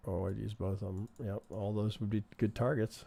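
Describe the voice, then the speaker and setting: A man's voice: fairly low pitch, flat delivery, moderate pace, vocal fry, mellow. A man teaching trading on a live stream, reviewing charts in a chatty way and often asking "right?". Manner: conversational, keeps asking "right?", thinks aloud. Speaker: trading instructor.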